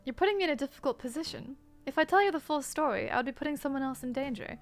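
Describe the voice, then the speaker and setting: A man's voice: very high voice, animated, very fast, faint music behind. A woman voicing a scheming, charming male con man prisoner with a theatrical, flowery way of telling stories. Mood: smooth, evasive.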